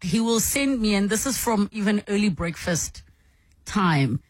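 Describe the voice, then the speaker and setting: A woman's voice: medium pitch, animated, measured pace, no room sound. Woman radio host, talky and thoughtful, lots of ums, dry close mic. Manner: reflective, chatty, with fillers and self-corrections. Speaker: radio host interviewing a guest. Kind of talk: warm conversational interview.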